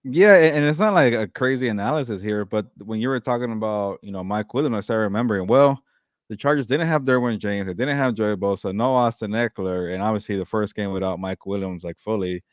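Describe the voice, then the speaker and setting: A man co-hosting a sports podcast, giving a quick, casual analysis of a game. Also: fairly low pitch, dry recording, clean studio sound.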